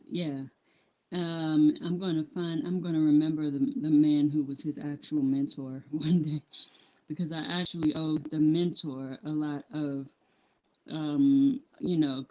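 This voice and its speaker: On a dull, lo-fi live stream, a woman with a low, slightly mellow voice vlogs about the handmade clothes she sells, rambling and often stopping to restart or say "um."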